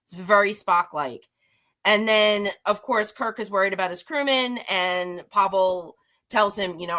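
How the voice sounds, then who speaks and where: A woman with a medium-pitched, bright, forceful voice speaks at a measured pace. The guest reviewer offers a casual, meandering comic-book recap, talkative and self-deprecating, with plenty of restarts.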